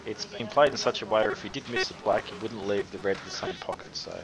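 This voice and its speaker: A man's voice: lowish voice, huge pitch swings, fast talker, low-quality recording. A man commentating live snooker, thinking aloud as he reads the table and often restarting his sentences. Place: commentary position at a snooker venue. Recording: crowd audible behind the commentary.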